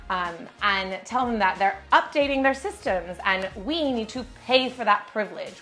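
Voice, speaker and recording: A woman's voice: mid-range voice, fairly bright tone. Bubbly American woman vlogger. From United States. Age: 30s. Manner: bubbly and chatty, laughs often. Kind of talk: casual vlog chat.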